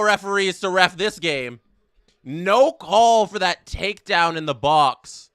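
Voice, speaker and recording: A man's voice: high-pitched, slow, smooth, no echo, clean studio sound. A young man hosting a casual live watch-along, calling the match and chatting with his viewers. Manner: chatty, reads chat aloud, excited bursts on big plays. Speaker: livestream host doing live match commentary.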